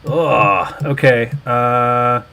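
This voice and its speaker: A man's voice: medium pitch, drawn-out words, bright, forceful tone, clean tone. A young man hosting a casual livestream, chatty, explaining things and thinking aloud as he goes. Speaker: livestream host.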